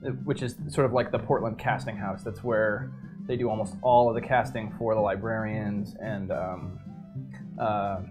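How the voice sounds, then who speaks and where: A man's voice: lowish voice, fairly even intonation, normal speed. Rambling male storyteller, music behind. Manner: rambling storytelling, many ums and restarts. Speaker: actor telling a story on a stream. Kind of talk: casual chat. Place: indoors at a painting table.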